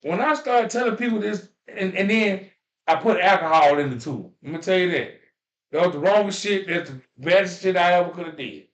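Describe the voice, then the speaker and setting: A man with a high voice tells heartfelt stories in a preachy, repetitive way and swears as he goes. His voice rings with a roomy echo. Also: expressive, fairly quick. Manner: preachy, repeats phrases, swears freely. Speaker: podcast host. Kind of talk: emotional storytelling chat.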